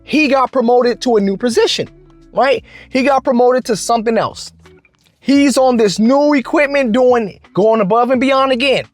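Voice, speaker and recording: A man vlogger telling a work story in a casual, slangy, animated way, with lots of restarts. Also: very high-pitched, normal speed, no echo, soft background music.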